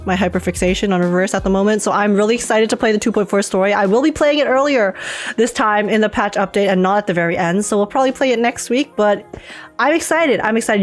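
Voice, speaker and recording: A woman talks casually to her live-stream audience, quick to laugh and prone to starting phrases over. Her voice sits at an ordinary middle pitch for a woman. A little music plays quietly behind her. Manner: chatty, laughs often, restarts phrases.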